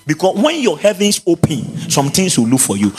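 Ghanaian male pastor, sermon; high, husky, swooping delivery that bursts into shouts, in a long-reverb hall with faint music. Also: big pitch swings, moderate pace. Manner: impassioned preaching, breaking into shouts and sing-song.

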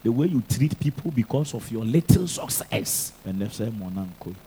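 A Ghanaian man in his thirties, a pastor preaching an animated sermon. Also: mid-range voice, normal speed, noisy background. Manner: animated preaching mixing English and Twi.

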